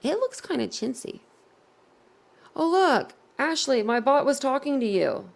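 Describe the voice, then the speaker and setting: A woman hosts a casual livestream and chats straight to her viewers at her desk mic. Her voice sits a little high with a gravelly fry, and she giggles and gets flustered easily. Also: sing-song, unhurried. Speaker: livestream host.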